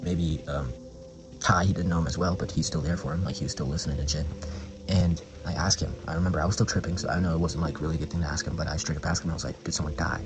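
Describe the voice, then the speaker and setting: A man's voice: a bass voice, fairly even intonation, fast talker, rough recording. A young man vlogging a casual story in a rambling, slangy way, swearing often and using lots of filler words. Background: background music.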